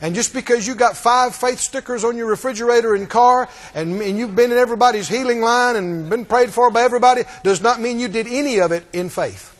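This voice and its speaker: High, lively-voiced preacher man in a reverberant hall. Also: brisk, few pauses. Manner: emphatic, repetitive, call-and-response. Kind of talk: sermon.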